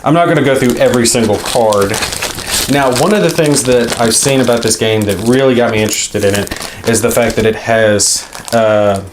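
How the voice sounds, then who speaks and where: A man's voice: mid-range voice, moderate pace, background noise. A man hosting a board game channel, talking casually and thinking aloud as he unboxes a game. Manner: rambling, thinking aloud as he handles items.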